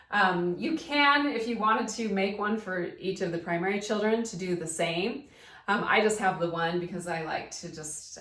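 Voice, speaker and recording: A woman's voice: mid-range voice, a bit bright. A woman giving a casual, upbeat how-to lesson on children's singing activities, chatty and prone to friendly asides. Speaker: primary singing time teacher. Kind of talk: casual instructional talk. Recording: roomy, from a distance.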